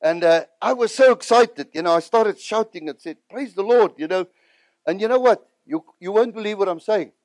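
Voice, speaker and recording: A South African evangelist with a high, light voice recounts his own story with earnest feeling. The recording is close and dry, with no room echo. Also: normal speed, darkish tone. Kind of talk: personal testimony.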